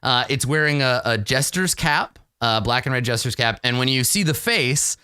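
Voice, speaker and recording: A man narrating a tabletop game as game master, animated and giggly in his storytelling. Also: mid-range voice, normal speed, smooth, no echo, studio quality.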